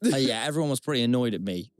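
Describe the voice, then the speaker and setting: A man's voice: mid-range voice, expressive, rapid-fire, no echo, faint music behind. A young man, co-hosting a podcast, telling stories in a rambling, self-mocking way with dramatic outbursts. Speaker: podcast co-host. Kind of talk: casual storytelling chat.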